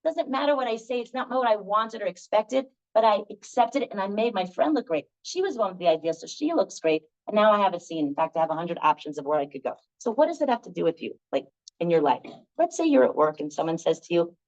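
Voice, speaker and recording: A woman's voice: medium pitch, expressive, fast. A woman leading an improv workshop for a live group, chatty and encouraging, in a dull lo-fi recording. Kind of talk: lively talk to a group.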